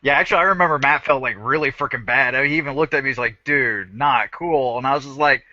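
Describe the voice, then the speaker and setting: A man guest player chatting casually in a lively, joking way. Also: mid-range voice, very fast, dry recording. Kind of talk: casual chat. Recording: dull lo-fi dry podcast audio.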